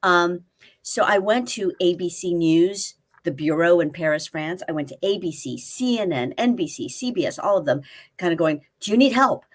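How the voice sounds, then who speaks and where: Her voice is fairly low in pitch, with lively intonation and a normal speed. The woman, a life coach in her fifties, is a guest in a casual interview recorded in a spare room at a family home, telling stories and acting out quoted lines.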